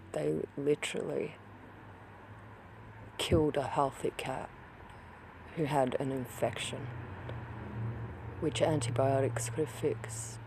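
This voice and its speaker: A vlogger recounting a personal account, upset and grieving, halting with many restarts and sometimes dropping to a whisper. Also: medium pitch, vocal fry, darkish tone, a little hiss or hum.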